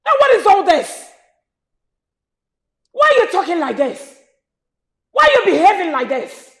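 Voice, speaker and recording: A woman's voice: very high-pitched, big pitch swings, a little slow, fairly bright tone, roomy sound, recorded from a distance, heavily acted. An actress with a Nigerian accent playing a haughty widowed mother who answers her family with dismissive mockery. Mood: stern. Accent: Nigerian English. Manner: dismissive, mocking. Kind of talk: Nollywood film acting.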